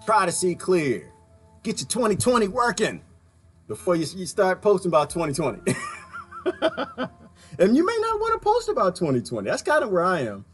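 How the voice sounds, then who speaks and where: A man with a fairly high voice hosts a casual livestream, rambling from one thought to the next. His pitch swings widely and he laughs often as he talks to viewers, with faint music behind him. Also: wildly swooping pitch, fairly quick. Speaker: livestream host.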